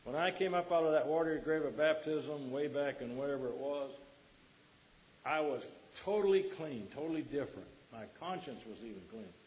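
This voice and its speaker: A man's voice: fairly high pitch, normal speed, darkish tone, dull audio. A man preaching a sermon to a congregation, quoting scripture and putting questions to the listeners.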